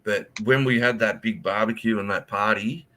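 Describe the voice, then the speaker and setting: Animated man telling a story. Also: fairly low pitch, normal speed. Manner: animated, swearing, acts out quotes. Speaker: host. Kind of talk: casual storytelling chat.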